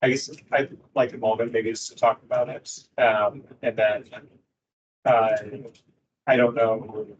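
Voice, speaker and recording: A man's voice: medium pitch, flat delivery, unhurried. Hesitant man on a muffled, noisy line. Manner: tentative, hesitant. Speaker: commission member. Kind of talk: meeting discussion. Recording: muffled lo-fi audio with background noise.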